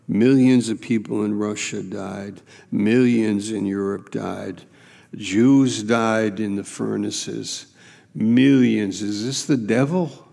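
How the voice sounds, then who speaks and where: A man's voice: fairly low pitch, creaky, a little mellow, in a large hall. A man preaching a sermon as pastor, with emphatic, repetitive preaching in a church sanctuary.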